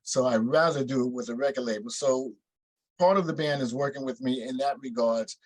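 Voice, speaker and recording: A man's voice: mid-range voice, brisk, no echo, poor audio. An older man from New York, a guest musician in an interview, telling stories emphatically and acting out quotes. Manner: emphatic storyteller, acts out quotes. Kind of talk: interview conversation.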